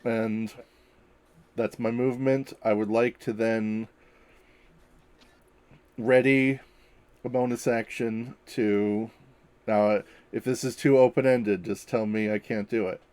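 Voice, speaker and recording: A man playing a tabletop game, thinking out loud with hesitant restarts. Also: fairly low pitch, fairly even intonation, slow, pauses often. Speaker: player. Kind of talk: casual tabletop game chat.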